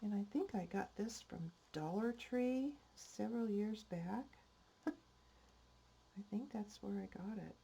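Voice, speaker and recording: An older woman hosting a crafting channel, talking softly and thinking aloud as she decorates a project in her home craft room. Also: mid-range voice, gravelly, husky. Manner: slow, soft-spoken, thinking aloud while working. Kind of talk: casual crafting narration.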